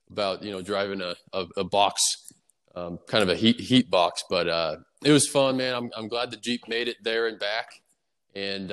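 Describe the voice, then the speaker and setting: A young man, a baseball player, answering interview questions in a relaxed, easygoing way with lots of fillers. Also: fairly low pitch. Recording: long reverb on the voice.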